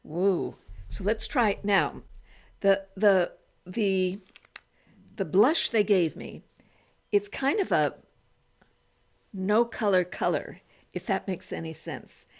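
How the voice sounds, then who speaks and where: An older woman in her eighties with a gravelly, creaky edge to her voice talks through a makeup try-on. She chats casually and thinks aloud, often starting a sentence over as she works. She is recording in a small room at home. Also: medium pitch, animated, slow, long pauses. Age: 80s. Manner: chatty, thinks aloud, many restarts while applying makeup. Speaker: beauty vlogger.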